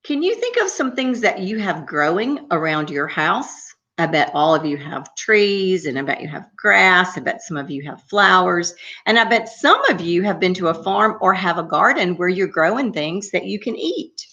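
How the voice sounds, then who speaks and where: A woman telling a story to young children, her low voice swooping up and down in a lively sing-song. She takes it slow and gently stops to ask the little ones questions. The recording sounds dull and lo-fi.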